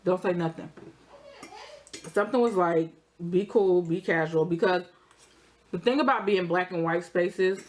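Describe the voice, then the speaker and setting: A young adult woman, telling a story in a casual, animated way while eating, her voice jumping high for emphasis. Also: measured pace, pauses often. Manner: animated, expressive storytelling with sudden high jumps in pitch. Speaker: vlogger.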